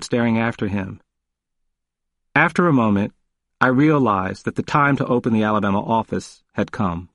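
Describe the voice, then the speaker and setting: Man reading a memoir audiobook, calm and earnest, dead dry studio sound. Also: mid-range voice, dry recording. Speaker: narrator.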